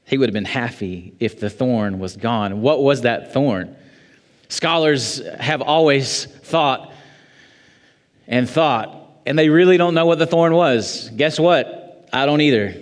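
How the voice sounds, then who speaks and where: A male pastor preaches slowly and deliberately, lingering on each phrase of scripture before climbing to emphatic peaks. His voice sits at an ordinary middle pitch. A long church reverb trails behind every line. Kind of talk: sermon. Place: church sanctuary.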